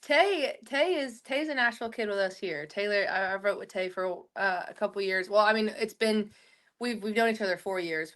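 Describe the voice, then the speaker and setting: A woman's voice: mid-range voice, fairly bright tone. A young woman from Oklahoma, a country singer, chatting casually in an interview and telling rambling stories full of "like.". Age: young adult. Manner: chatty, rambling storyteller with many "like" fillers.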